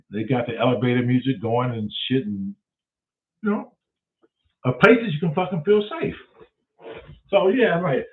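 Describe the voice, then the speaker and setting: A man from telling a comic story, cursing freely and acting out the other people's voices. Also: mid-range voice. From Detroit, USA. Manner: profane, animated, acts out voices of others. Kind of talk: comedic storytelling. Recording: tinny phone-like sound from a distance.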